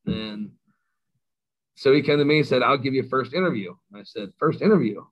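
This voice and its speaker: A middle-aged man spins a rowdy yarn about his coaching days, and he often pokes fun at himself. His voice sits at an ordinary pitch. The recording sounds a little dull and lo-fi. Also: a little fast. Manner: animated, self-mocking storyteller. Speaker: high school football coach. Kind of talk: storytelling in an interview.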